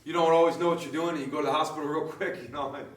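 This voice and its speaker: Conversational pastor, higher voice, echoey. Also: male voice, steady tone, very fast, distant mic. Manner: conversational storytelling with laughs and many restarts. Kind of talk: sermon.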